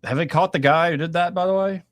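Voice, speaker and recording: A man's voice: a little high, fast, no echo. Brief: man, 30s, talk radio host, blunt and jokey, dead-dry booth. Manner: wisecracking, blunt, lots of fillers. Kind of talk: casual political talk show.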